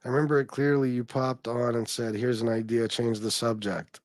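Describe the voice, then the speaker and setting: Reading his viewers' comments aloud, a male livestream host rambles and laughs, cursing frequently in an animated, brisk manner. His voice is mid-range with a darkish tone, captured dry and clean in a studio.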